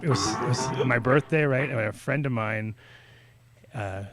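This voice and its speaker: A man in casual talk-show conversation, spinning a long, rambling story. He swears freely and slips into little voices for the people he quotes. His voice sits at an ordinary middle pitch. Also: measured pace, fairly bright tone, soft background music.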